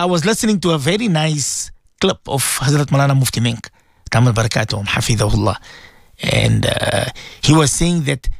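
Emphatic high-voiced preacher man, lively. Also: creaky, no room sound, studio quality. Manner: emphatic, repeats phrases, asks listeners questions. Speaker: Islamic preacher on radio. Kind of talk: radio sermon.

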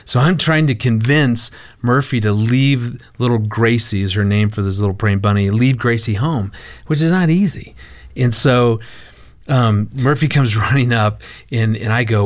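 A man in a casual conversation, telling a family story in an animated way and acting out the quoted lines. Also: mid-range voice, moderate pace, dry recording. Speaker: marriage counselor and guest.

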